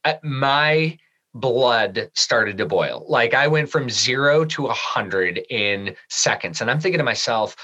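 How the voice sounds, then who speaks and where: A man's voice: mid-range voice, animated, moderate pace, bright, forceful tone, poor audio. A man in a podcast interview, telling a personal story and acting out his own past remarks with animation, then turning sincere and reflective. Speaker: guest.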